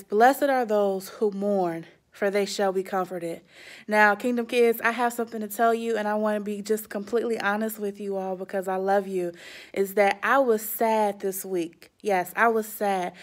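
A young adult woman, a children's pastor, speaking straight to the kids in a sermon with emphatic rises. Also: medium pitch. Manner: warm, direct address to kids, emphatic rises.

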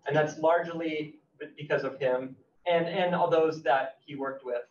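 A man, an author, speaking earnestly at a library talk, halting with fillers. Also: a little high, fairly even intonation, slight background noise. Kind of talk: casual conversation at a library talk. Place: library event room. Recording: roomy, distant, muffled hall recording.

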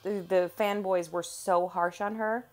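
A woman with a mid-range voice talks through a movie in relaxed conversation. She is chatty and opinionated and swears casually. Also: mid-range voice, measured pace, soft background music. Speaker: co-host. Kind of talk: casual movie review chat.

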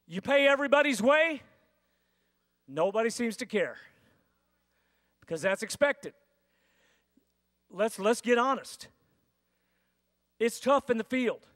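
A man preaching a sermon as senior pastor, with dramatic pauses and acted-out inner voices. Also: extremely high pitch, animated, fairly bright tone. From United States. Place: large church sanctuary. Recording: dry sound with long hall reverb.

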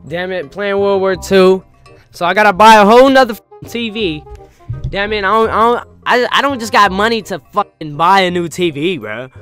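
A young man with a high voice tells a casual storytime rant as a gaming YouTuber. He swears freely and keeps tossing in "bro" and "you know what I mean". Soft music runs faintly behind him.

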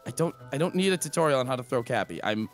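Young male let's player, lively and crude, game music underneath. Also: medium pitch, fast talker. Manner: crude, joking, does silly voices. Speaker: let's play commentator. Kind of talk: casual gameplay commentary.

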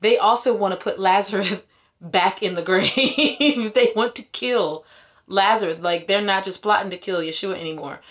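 A woman's voice: medium pitch, moderate pace, fairly bright tone. A woman giving a casual Bible retelling, paraphrasing in slangy everyday speech with conversational asides and frequent laughter. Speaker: Bible teacher.

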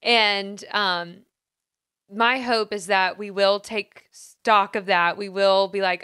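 A woman's voice: mid-range voice, fairly even intonation, slow pace, pushed and bright, clean tone, no echo, clean studio sound. A woman co-hosting a podcast, responding in a supportive, affirming way in casual conversation. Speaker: podcast co-host.

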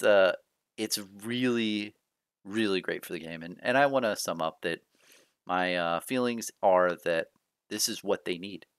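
A man excitedly sharing his thoughts on a card game in casual commentary, rambling and laughing often while keeping his voice down late at night. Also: sits low, no room sound, studio quality. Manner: rambling and hyped, laughs often, frequent restarts. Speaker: card game video host.

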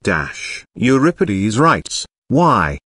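Male audiobook reader, measured delivery, very animated pitch, dry close sound. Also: husky, dry recording. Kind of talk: scripted reading of an old theological text.

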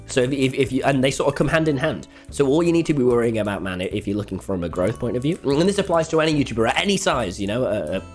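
Excitable young man streaming games. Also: medium pitch, fast, hardly any pauses, faint music behind. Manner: excitable, swears freely, jumps between game and chat. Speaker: game streamer. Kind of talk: live-stream chat while playing.

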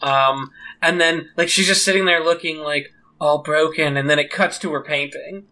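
A podcast co-host who recaps a TV episode in rambling, expressive storytelling. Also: medium pitch, normal speed, rough recording. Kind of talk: casual chat recapping a TV episode.

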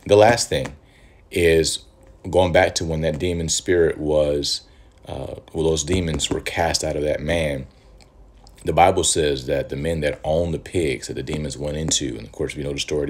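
A man teaching from the Bible in a conversational, animated preaching style, asking rhetorical questions. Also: very deep voice, moderate pace. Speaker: pastor. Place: Michigan.

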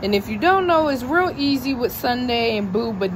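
A young woman vlogging casually to her viewers, chatty and slangy, calling them y'all and switching to high coaxing talk with her dogs. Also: animated, normal speed, noisy background. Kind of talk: casual vlog chat to viewers. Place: home and car, partly outdoors.

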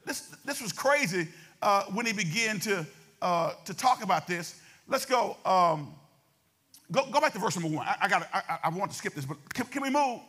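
A man preaching a sermon as pastor, talking fast and calling out to the congregation. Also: high-pitched, animated, pushed and bright, husky.

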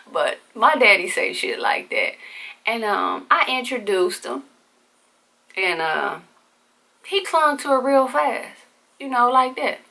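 A woman's voice: on the high side, gravelly, pushed and bright. A woman vlogger telling a candid personal story in casual, profane, conversational speech.

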